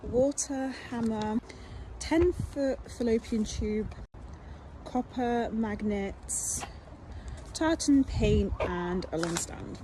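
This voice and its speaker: A woman's voice: on the high side, drawn-out words, pauses often, background noise. A young woman vlogging from her car, rambling in a hesitant, upset way with many likes. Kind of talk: vlog to phone camera.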